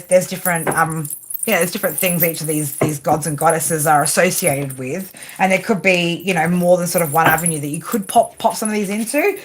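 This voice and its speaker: A woman doing a casual livestream tarot reading, chatty and rambling, swearing casually as she talks through the cards at her table. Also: lowish voice. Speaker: tarot reader. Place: home, at a table under a lamp.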